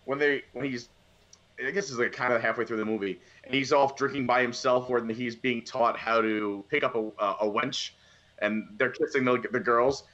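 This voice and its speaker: A man in casual conversation, rambling and animated as he retells scenes from a movie. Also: mid-range voice, moderate pace, dull audio. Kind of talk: casual movie review chat.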